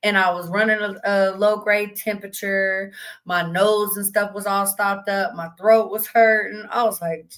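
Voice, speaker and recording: A woman hosting a livestream, chatting casually with her viewers in a rambling, laughing way, her voice still a little rough from being sick. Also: medium pitch, steady tone, moderate pace, fairly bright tone, poor audio. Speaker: livestream host.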